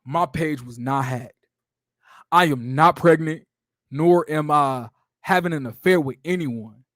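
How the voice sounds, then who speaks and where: Give me a man playing a cheating husband reading his defensive statement, voice dropped low and dry. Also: unhurried, a bit bright, dry recording. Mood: mock-defensive. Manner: mock-serious, deep reading voice.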